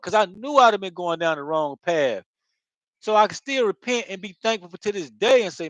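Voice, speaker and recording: A man's voice: sits high, lively intonation, brisk, fairly bright tone, dry recording, low-quality recording. A man hosting his own channel, giving a casual spiritual talk in a rambling way, full of profanity and street slang. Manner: rambling, profane street slang, constant "you know what I mean". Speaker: channel host.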